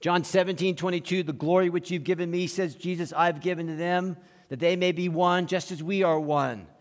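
A male pastor preaching an animated sermon, acting out quoted voices and chuckling between points. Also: sits high, normal speed. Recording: long hall reverb.

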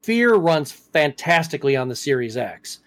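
A man's voice: on the high side, very animated, moderate pace, fairly bright tone. A man hosting a casual podcast, telling stories in a chatty way with frequent restarts. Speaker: podcast host. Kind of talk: casual chat.

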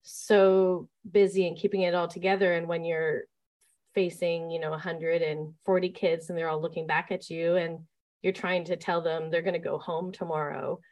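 A woman with a slightly low voice tells her story in an easygoing interview. She is chatty and often starts over with fillers like "um" and "like." She speaks as a camp staff leader looking back on her work. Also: little pitch movement, normal speed, darkish tone. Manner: chatty, with many fillers and restarts.

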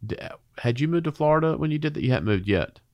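A man's voice: fairly high pitch, expressive, fast talker, a little mellow. A man hosting a casual faith conversation who jokes with his guest and then slips into preaching. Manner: playful questioner who turns to preaching. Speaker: host.

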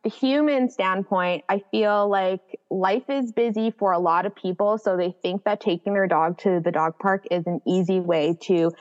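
A woman's voice: medium pitch, normal speed, hardly any pauses. Woman in a dull, echoing recording. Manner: thoughtful, explains at length with fillers. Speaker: dog trainer. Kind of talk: casual podcast chat.

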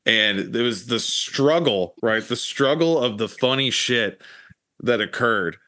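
A man hosting a casual podcast, reflecting on his time as a Marine in a relaxed, profane way. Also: mid-range voice, takes it slowly, no room sound, studio quality. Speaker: podcast host, Marine veteran.

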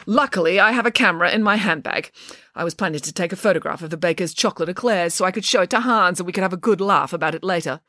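A woman voicing a pompous, imperious female pig nanny who is quick to pick a fight. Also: on the low side, sharp tone, dry recording, studio quality. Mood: indignant. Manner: indignant, imperious, sarcastic.

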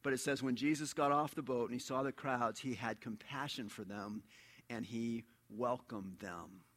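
A man preaching a sermon in an animated storytelling way, dropping to a hush and then rising loud. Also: medium pitch, normal speed. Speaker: pastor.

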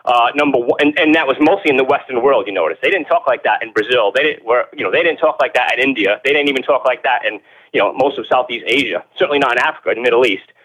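A man being interviewed as a guest, explaining his views in an animated, emphatic way, often repeating words and asking rhetorical questions. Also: medium pitch, fast, low-quality recording. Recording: radio-show audio.

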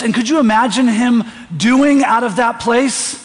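A man's voice: very high voice, expressive, a little slow, few pauses. A man preaching a sermon in a church, talking conversationally and often putting questions to the congregation. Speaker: pastor. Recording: reverberant hall.

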